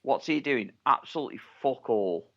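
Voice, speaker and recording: A man's voice: mid-range voice, expressive, normal speed, fairly bright tone, highs cut off. A man co-hosting a podcast, chatting casually with blunt, sweary opinions. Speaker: podcast co-host. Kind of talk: casual wrestling chat.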